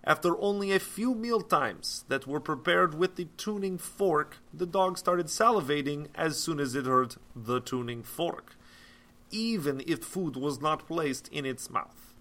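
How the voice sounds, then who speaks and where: A man reading a textbook passage aloud in a put-on, stiff and deliberate. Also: a little high, expressive, a bit bright, pitched above the performer's own voice. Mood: reciting. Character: man reading a textbook in a mock Russian accent.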